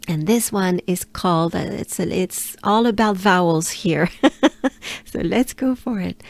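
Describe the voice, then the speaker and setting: A woman from France with a French accent, teaching pronunciation by slowly repeating syllables and leading the listener through them. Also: on the low side, creaky, no echo. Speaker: pronunciation coach. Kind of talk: slow, drilled pronunciation lesson.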